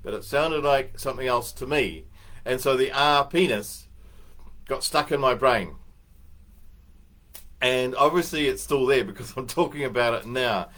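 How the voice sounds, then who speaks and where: Older guy doing a chatty motivational talk, rambly, lots of ums, musing out loud. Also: mid-range voice, normal speed. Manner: rambling, anecdotal, musing aloud with fillers. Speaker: speaker giving a morning talk.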